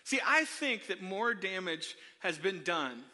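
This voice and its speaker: A man preaching a sermon, telling a funny self-deprecating story from his childhood to the congregation in an animated way. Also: high voice, a little slow. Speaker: pastor. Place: church sanctuary. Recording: long hall reverb.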